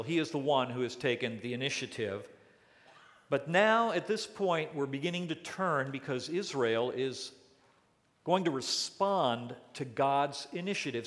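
A man's voice: mid-range voice, fairly bright tone. A man preaching a sermon as pastor, with emphatic rises and falls in his delivery. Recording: long church reverb.

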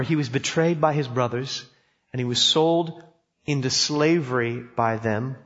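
A man's voice: a little high, a bit bright. A man preaching a sermon, telling a story with emphasis and putting questions to his listeners. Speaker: pastor. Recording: dull sound in a reverberant hall.

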